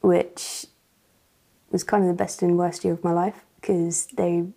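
Woman, church testimony guest, hesitant and filler-heavy, low gravelly tone. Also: little pitch movement, measured pace. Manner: hesitant, soft-spoken, many fillers. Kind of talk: personal testimony interview.

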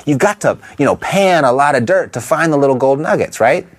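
A man teaching real estate investors how to talk to motivated sellers, in a lively coaching manner that keeps asking the listener rhetorical questions. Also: a little high, brisk. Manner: briefly imitates a Texan twang. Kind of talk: instructional talk to camera.

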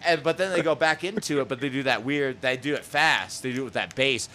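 Excitable cussing guy on a podcast, voice jumps all over, bright tone. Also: mid-range voice, moderate pace, hardly any pauses, a little hiss or hum. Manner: profane, excitable, laughs often; shouts out quoted vocals. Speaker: podcast host. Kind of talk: casual chat reviewing music.

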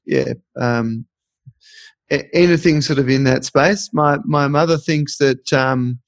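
A man with a gravelly edge to his voice recounts stories in a reflective, conversational way. The sound is dry and close, with no room around it. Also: mid-range voice, slow pace, no room sound. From Australia. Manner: reflective, storytelling. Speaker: podcast host. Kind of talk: casual podcast conversation.

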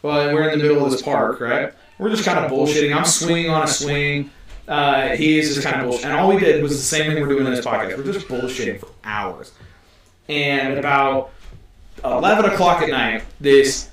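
A man's voice: on the high side, moderate pace, fairly bright tone. A man hosting a podcast, telling a long story in a casual, profane, rambling way. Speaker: podcast host. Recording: echoey room, distant mic.

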